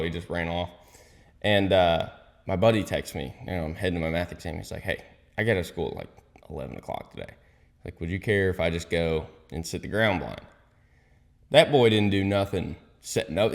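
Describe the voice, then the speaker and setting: A man's voice: sits low, big-room sound. A young man, telling a hunting story as a podcast guest, swearing freely and dropping into whispered asides. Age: young adult. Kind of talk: casual storytelling.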